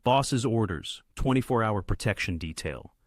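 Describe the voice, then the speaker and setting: A man voicing a gruff, cold but protective male bodyguard. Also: lowish voice, lively intonation, moderate pace, dry recording, studio quality. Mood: stern.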